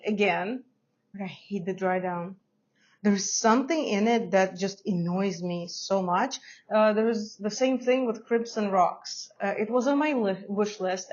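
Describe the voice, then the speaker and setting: A woman's voice: medium pitch, lo-fi sound. A woman who is not a native English speaker, reviewing fragrances in a chatty, hesitant way and laughing often. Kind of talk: casual review to camera.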